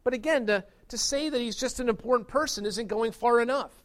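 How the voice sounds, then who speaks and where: A man's voice: very high-pitched, fairly quick. A man preaching a sermon as pastor, earnest and emphatic, pressing his points with rising stresses.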